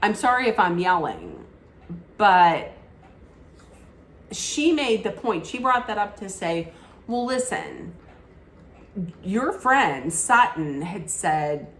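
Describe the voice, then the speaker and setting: A woman's voice: medium pitch, big pitch swings, slow, pauses often, a bit bright, a little hiss or hum. Opinionated woman ranting in an echoey room. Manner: opinionated, frequent restarts and asides. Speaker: reality TV recap vlogger. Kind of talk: casual recap rant.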